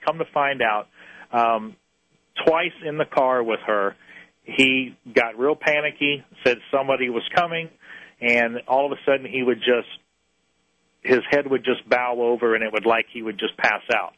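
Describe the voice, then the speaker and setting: Man, researcher of UFO encounters, interview storytelling, earnest, halting restarts, bright forceful tone, dry close sound. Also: medium pitch, dry recording, poor audio. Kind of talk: recounting a case in an interview.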